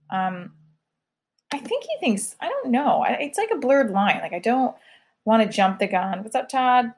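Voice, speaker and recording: A woman's voice: medium pitch, lively intonation, moderate pace. A woman hosting her own podcast and livestream, chatting casually and confessionally, rambling with lots of "like" as she talks. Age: adult mother of a school-age child. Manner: rambling and chatty, heavy use of "like".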